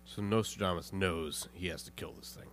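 A man co-hosting a comedy podcast, chiming in with relaxed, dry short remarks. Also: low-pitched, moderate pace. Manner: laid-back, short dry interjections. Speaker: podcast co-host. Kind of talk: casual comedic banter.

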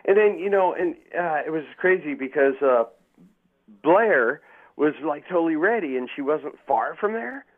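A man's voice: on the high side, expressive, normal speed. A man telling rambling, profane stories as a guest in casual chat, acting out quotes with lots of swearing. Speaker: podcast guest. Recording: tinny phone-like line.

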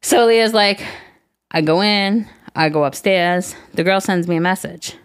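A woman in her forties, co-hosting a casual podcast and telling a long story. She is an animated storyteller who swears freely. Her voice sits in a middle pitch. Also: normal speed, clear, resonant tone. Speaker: podcast co-host.

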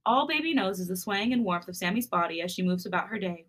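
A woman's voice: medium pitch, expressive, fast talker, a bit bright. Woman podcast host reading romance fanfic. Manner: casual, chatty asides between reading.

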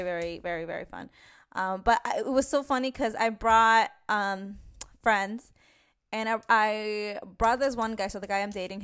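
A young woman from New talks in a loose, rambling podcast chat. She fills her talk with "like" and "um", restarts her sentences and swears casually. Her pitch sits in the middle of the usual range for women. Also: clean tone. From New York. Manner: chatty, swearing, many fillers and restarts. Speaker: podcast host.

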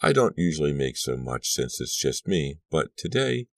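A man voicing a frail, elderly grandmother in an audiobook, speaking softly and coaxingly. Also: very deep voice, very animated, moderate pace, dry recording, exaggerated voice. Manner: soft, coaxing. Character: frail elderly grandmother, gentle but evasive. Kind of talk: audiobook character voice.

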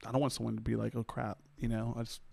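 Laid-back young guy on a podcast, gravelly voice, laughs a lot. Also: mid-range voice, level tone, racing, a little mellow. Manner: easygoing, upbeat, laughs often. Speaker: podcast guest. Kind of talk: casual conversational interview.

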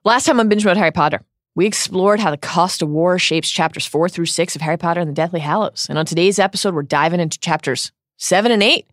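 A woman's voice: on the low side, dry recording, studio quality. Upbeat female podcast host. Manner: upbeat, brisk announcing. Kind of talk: podcast intro and casual banter.

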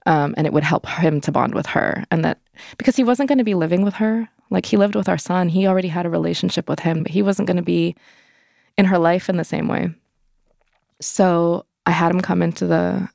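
Low gravelly woman telling her story. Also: fairly even intonation, a little fast, darkish tone, dry recording, studio quality. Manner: conversational, many fillers, acts out quoted voices. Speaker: interview guest. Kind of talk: candid personal storytelling.

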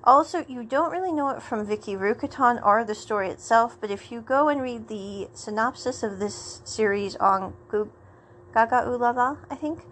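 A woman's voice: fairly high pitch, moderate pace, fairly bright tone, a little hiss or hum. A woman hosting a casual chat show, rambling and laughing as she retells scenes. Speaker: podcast host.

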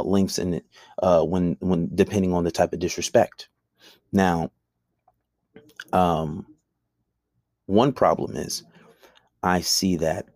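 A man's voice: on the low side, darkish tone, no room sound, clean studio sound. A young man, ranting bluntly and profanely in a heated podcast monologue. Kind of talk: monologue to camera.

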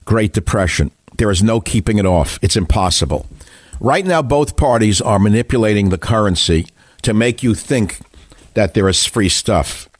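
In a lowish voice captured dry, a man from the United States hosts talk radio, hammering out a scornful, combative political rant with strong emphasis.

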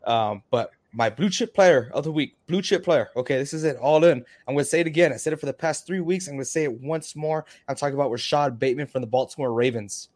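A man co-hosting a podcast in an animated, emphatic way, chatting and hyping his picks. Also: a little high, quick pace, hardly any pauses. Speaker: podcast co-host. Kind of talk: casual fantasy football chat.

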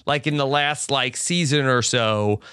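A man's voice: mid-range voice, measured pace, sharp tone, clean tone, no room sound, clean studio sound. A man co-hosting a podcast in casual recap chat, curious and easygoing, asking questions. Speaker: podcast co-host.

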